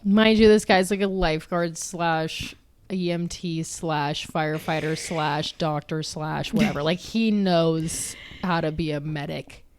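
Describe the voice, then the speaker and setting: A young woman co-hosting a podcast in casual chat, animated and laughing, her voice jumping high when she quotes herself. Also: measured pace. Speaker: podcast co-host.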